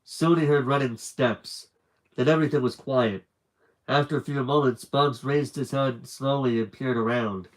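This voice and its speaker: A man reading a children's book aloud on a live stream with lively, animated narration and chatty asides. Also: medium pitch, normal speed, low-quality recording.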